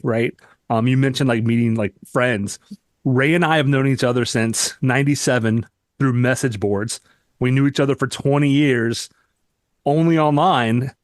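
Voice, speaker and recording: A man's voice: mid-range voice, dry recording, studio quality. A man hosting a podcast, chatting in a casual, rambling way with his guest. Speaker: podcast host. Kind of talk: casual chat.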